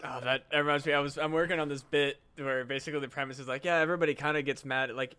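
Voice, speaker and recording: This man co-hosts a comedy podcast in a bright, sharp voice that sits slightly high. He rambles and restarts his thoughts, and he swears throughout his casual banter. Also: fairly even intonation, rapid-fire, clear, resonant tone. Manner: profane, rambling, restarts a lot. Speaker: podcast co-host.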